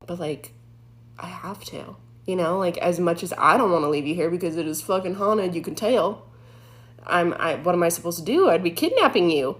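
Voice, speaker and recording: A woman's voice: lowish voice, expressive, moderate pace, a bit bright. A young woman, a former EMT, telling a story in a casual, rambling way, full of fillers and the odd swear word. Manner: rambling, many "like" fillers, swearing, nervous laughs.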